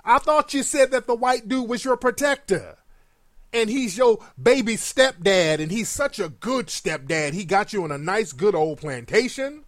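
A man's voice: high-pitched, animated, normal speed, dry recording, studio quality. A man giving a heated, profane and mocking reaction commentary on video clips.

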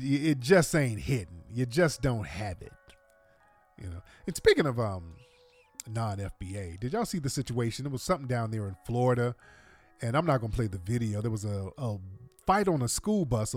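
An American man hosting a livestream, talking in casual commentary that is slangy, sarcastic and exasperated. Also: mid-range voice. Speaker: livestream host.

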